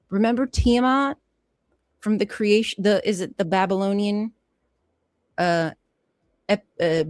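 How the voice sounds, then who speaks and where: Brief: female livestream host, unhurried reading, lively asides, swears casually, dry close sound. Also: mid-range voice, no room sound. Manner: animated, frank, swears freely, stops to comment.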